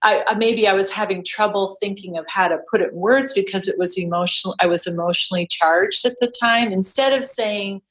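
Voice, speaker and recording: A woman's voice: medium pitch, a little fast, few pauses, fairly bright tone. A middle-aged woman talking casually as a podcast guest, chatty with frequent restarts and laughter. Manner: chatty, many restarts and fillers, laughs often. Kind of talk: casual chat.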